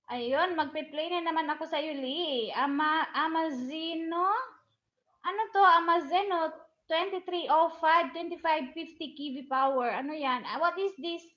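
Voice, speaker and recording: A woman's voice: high-pitched, moderate pace, lo-fi sound. A Visayan woman from the Philippines hosting a casual livestream, chatting and giggling as she greets viewers by name. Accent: Filipino, Visayan. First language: Cebuano. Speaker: livestream host.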